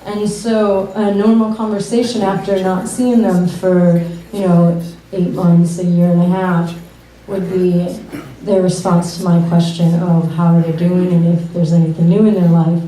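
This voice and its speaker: Young woman from Massachusetts, first stand-up set, halting and filler-heavy, distant echoey club sound. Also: on the low side, flat delivery, warm tone. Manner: hesitant, halting delivery with many fillers. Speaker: stand-up comedian. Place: comedy club stage. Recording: roomy club sound from far off.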